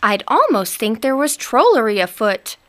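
A woman's voice: fairly high pitch, big pitch swings, normal speed, fairly bright tone. A woman voicing a bold, sly young female troll who chants her lines in a sing-song way. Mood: scheming.

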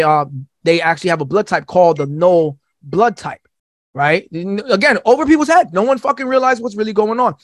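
A man guesting on a podcast, talking in a long, restless monologue full of swearing and constant "right?" check-ins. His voice sits fairly high for a man, and now and then he jumps into squeaky put-on voices to quote people. The sound is dry and close, with no room echo. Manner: rapid rambling monologue, swearing, says "right?" often. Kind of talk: casual podcast chat.

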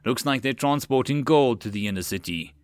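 A man's voice: mid-range voice, lively intonation, fairly quick, lightly acted. A man voicing an eager adult male soldier reporting matter-of-factly in a storybook reading.

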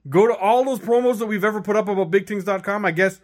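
A man's voice: high-pitched, fast. A man co-hosting a podcast in rambling casual banter, swearing often and restarting his sentences. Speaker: podcast co-host. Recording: roomy sound.

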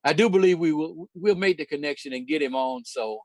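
A man's voice: a little high, brisk, no echo. Older man telling history. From Charlotte, North Carolina, USA. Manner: storytelling, hesitant with many restarts, laughs often. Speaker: host. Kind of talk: casual history talk.

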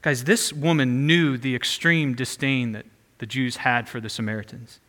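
A man's voice: medium pitch, steady tone, normal speed, pushed and bright, in a large hall. A man preaching a sermon as pastor, prompting the congregation to repeat phrases back to him.

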